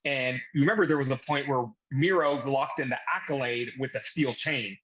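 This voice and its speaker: A man co-hosting a casual podcast, telling a story in an animated way and laughing at himself. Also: medium pitch, normal speed, husky, highs cut off. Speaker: guest co-host.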